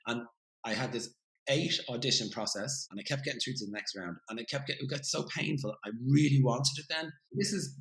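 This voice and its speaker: A middle-aged Irish man telling stories as an interview guest, animated and swearing freely as he acts out what people said. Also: mid-range voice, brisk, low-quality recording. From Ireland. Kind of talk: casual storytelling interview.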